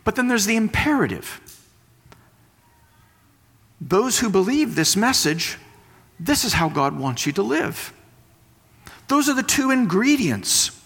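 A pastor preaches a sermon in a lively, rising-and-falling voice that sits fairly high for a man, with a breathy edge. He explains slowly, repeats key phrases for weight, and uses everyday comparisons, his words ringing through a long hall reverb.

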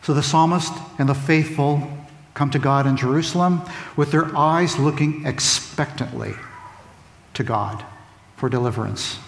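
Slow gravelly preacher in an echoey hall. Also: male voice, a little high. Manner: emphatic, repeats phrases for stress. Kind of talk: sermon. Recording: echoey hall with faint ambience.

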